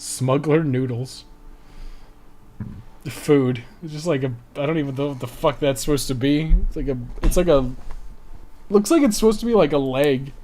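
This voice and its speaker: A man's voice: fairly high pitch, moderate pace, long pauses, dark tone. A man streaming a video game live, reading the on-screen text aloud and swearing often.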